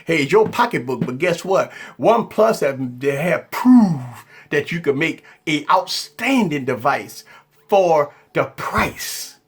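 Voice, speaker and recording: A man's voice: fairly high pitch, animated, slow, slightly rough. A man hosting a live tech stream, talking in a rambling, repetitive, conversational way and answering viewers. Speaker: tech channel host.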